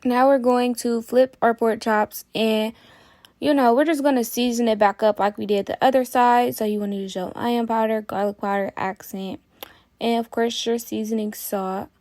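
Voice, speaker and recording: A woman hosting a cooking channel, talking viewers through a recipe in a chatty, relaxed way. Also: fairly high pitch, moderate pace, dry recording. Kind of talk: casual cooking tutorial.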